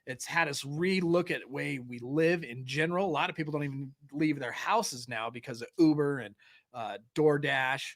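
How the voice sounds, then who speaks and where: American male podcast host, mid-high voice, casual, wandering, laughs easily. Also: normal speed. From United States. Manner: rambling, laughing, talkative. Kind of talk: casual chat.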